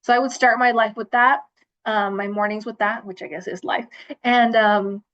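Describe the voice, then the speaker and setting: A woman's voice: medium pitch, fairly even intonation, normal speed, lo-fi sound. A woman hosting a self-love livestream, chatting casually with lots of fillers and restarts. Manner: chatty, rambling, with many fillers.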